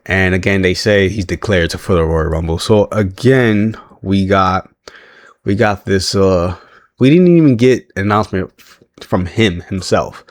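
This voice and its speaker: A man's voice: low voice, measured pace, no room sound, studio quality. A man recapping a wrestling show in a casual, chatty way, laughing often and restarting his sentences.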